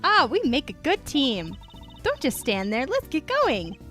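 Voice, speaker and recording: A woman voices a cheerful, bossy teenage girl magician from a video game. The voice is high and bouncy, leaping up and down in pitch. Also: wildly swooping pitch, measured pace, sharp tone, soft background music, heavily acted. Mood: perky.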